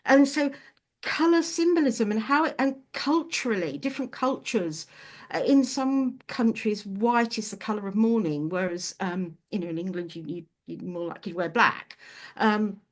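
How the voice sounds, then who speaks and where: A woman's voice: mid-range voice, normal speed. A woman guest chatting casually in an interview as a witch and author, searching for words as she goes.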